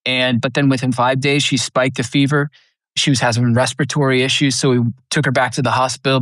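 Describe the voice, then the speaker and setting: In a clean studio recording with no echo, a middle-aged man with a mid-range voice guests on a podcast. He shares an earnest personal testimony, acting out the people he quotes, emotional and near tears at points.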